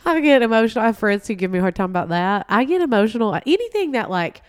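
A woman in her thirties co-hosting a casual chat podcast, talkative and quick to laugh. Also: fairly high pitch, big pitch swings, clear, resonant tone, no echo. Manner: chatty, laughs easily, gets emotional. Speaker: podcast co-host.

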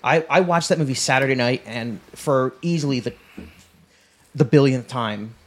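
A man's voice: mid-range voice, moderate pace. A man chatting casually on a podcast, rambling enthusiastically with many restarts. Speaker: podcast panelist. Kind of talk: casual chat about horror films.

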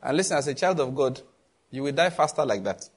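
A man with a Nigerian accent preaching a sermon as pastor, telling lively stories with quick asides and bursts of laughter. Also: medium pitch, husky.

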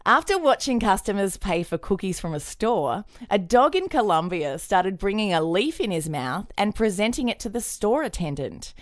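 Cheerful female co-host, lively voice, dry close sound. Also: mid-range voice, normal speed, hardly any pauses, no echo. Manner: cheerful and teasing. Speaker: podcast co-host. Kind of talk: casual podcast chat.

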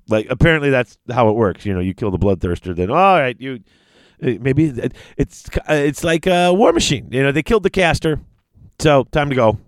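A man casually retelling a fantasy battle story, excitable and rambling. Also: a little fast, no echo. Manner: excitable, rambling, big pitch swings. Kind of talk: casual chat.

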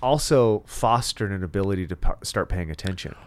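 A man's voice: deep voice, lively intonation, brisk, no echo. A man co-hosting a podcast in casual conversation, frank and reflective, swearing casually. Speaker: podcast co-host.

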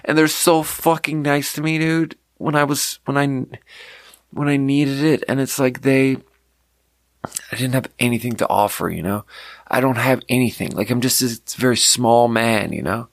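A man's voice: mid-range voice, normal speed, dry recording, studio quality. A man hosting a podcast, rambling in casual chat with frequent laughs and casual swearing. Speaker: podcast host.

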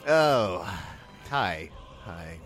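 Host, man, mid pitch, expressive up-and-down delivery, light music bed. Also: extremely slow. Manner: easygoing, laughs. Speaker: podcast host. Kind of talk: casual chat.

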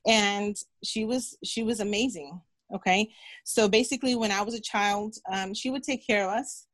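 A woman's voice: mid-range voice, steady tone, normal speed. Encouraging woman doctor telling stories. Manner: earnest, encouraging, repeats phrases and acts out quotes. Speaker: physician guest. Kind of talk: interview storytelling.

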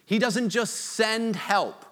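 A man preaching a sermon, conversational with joking asides, swinging from loud to hushed. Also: high voice, takes it slowly, in a large hall. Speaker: pastor.

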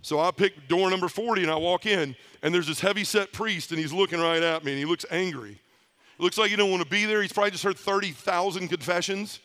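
Animated high-voiced middle-aged storyteller man. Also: fast. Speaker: conference speaker. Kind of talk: storytelling testimony talk.

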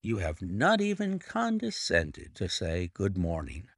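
A man reading a calm, clever detective who speaks in a dry, wry, brisk way in a storybook. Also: deep voice, no room sound, full character voice. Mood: hushed. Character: calm clever male detective in his prime.

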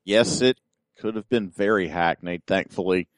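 A man co-hosting a casual podcast chat, wry and joking, with a lively delivery. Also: moderate pace, dry recording. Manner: wry, joking, puts on a booming announcer voice at times. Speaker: podcast co-host.

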